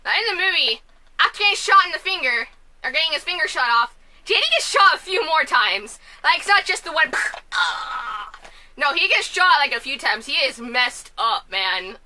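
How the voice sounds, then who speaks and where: A woman chatting at home in a casual vlog review, scatterbrained and talkative with sudden loud bursts of outrage. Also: high-pitched, animated, brisk, slight background noise. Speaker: film and musical reviewer. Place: at home, family asleep next door.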